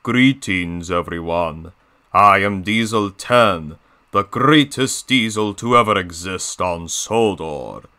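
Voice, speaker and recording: A boastful, gruff villain engine , voiced by a man, rolls out each word slowly in a put-on Russian accent. The tone is low and bright-edged, with a menacing swagger. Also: expressive, heavily acted. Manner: slow menacing boastful delivery.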